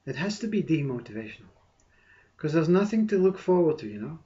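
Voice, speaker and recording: A man giving a meditative spiritual talk, soft and unhurried, with long pauses and a repeated "you see". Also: a little high, big pitch swings, highs cut off. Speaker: spiritual teacher.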